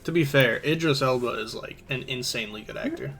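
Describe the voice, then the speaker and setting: A man's voice: medium pitch, brisk, vocal fry, a bit bright. Laid-back man chatting over game music. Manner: easygoing, chatty, many fillers. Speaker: streamer. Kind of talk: casual chat during a game stream.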